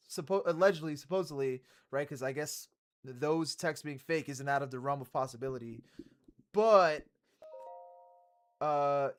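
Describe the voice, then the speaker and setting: A man hosting a casual live-stream reaction, swearing in surprise and reading statements aloud haltingly with lots of fillers. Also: fairly high pitch. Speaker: streamer host reacting to a video.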